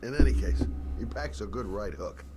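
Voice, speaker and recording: Actor as a dry, beaten-up detective in a game; lively, wry delivery. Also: male voice, lowish voice, moderate pace, lightly acted. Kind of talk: video game voice acting.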